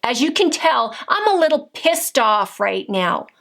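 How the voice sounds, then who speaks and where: A high-pitched woman speaks straight to camera in an angry political rant. She is indignant and combative, firing rhetorical questions and direct accusations. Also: very animated, a little slow, a bit bright. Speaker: political vlogger.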